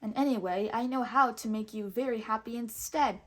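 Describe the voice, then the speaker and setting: A woman's voice: fairly high pitch, moderate pace, noisy background, natural voice. A woman voicing a sly, gloating male sheriff who speaks smugly in a storybook.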